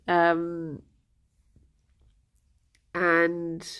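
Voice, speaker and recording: A young woman chatting casually with her stream viewers, rambling and giggly, sounding a little bunged up. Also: on the low side. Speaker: livestream host.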